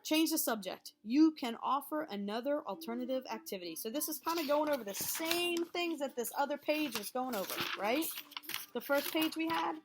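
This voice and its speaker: A woman's voice: high-pitched, noisy background. A woman teacher reading over a health lesson and explaining it to her students in a chatty way, checking in often with "okay?". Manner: chatty, checks in with frequent okays.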